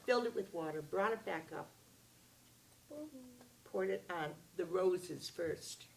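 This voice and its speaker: A woman telling a children's story aloud, expressive, with sound effects and voices. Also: on the low side, takes it slowly, gravelly. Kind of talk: animated oral storytelling to a child. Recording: distant mic with faint background noise.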